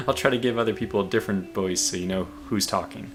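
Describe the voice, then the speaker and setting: Male streamer, lowish voice, forceful edge, rambly thinking-out-loud commentary. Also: fairly even intonation, fast, hardly any pauses, faint music behind. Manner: rambling, thinks aloud with many fillers; calls himself a quiet guy. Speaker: game streamer. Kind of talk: casual livestream commentary.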